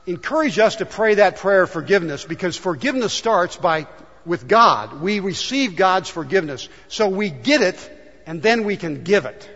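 A man's voice: high voice, animated, normal speed, fairly bright tone, slightly rough. A man preaching a sermon as pastor, earnest and acting out the voices in the stories he tells. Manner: earnest, acts out quoted voices in storytelling. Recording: dull echoey church hall.

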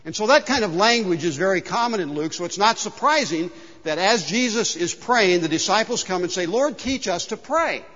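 A man preaching a sermon as pastor in a church, telling a folksy story with lively exclaimed punchlines. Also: high voice, fairly quick, in a large hall, lo-fi sound. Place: church sanctuary.

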